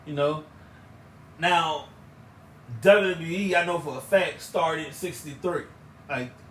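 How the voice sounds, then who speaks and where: A man's voice: a little high, fairly bright tone, recorded from a distance. A man, co-hosting a casual podcast, rambling through stories and repeating his phrases. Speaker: podcast co-host. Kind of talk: casual chat. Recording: echoey room with faint noise.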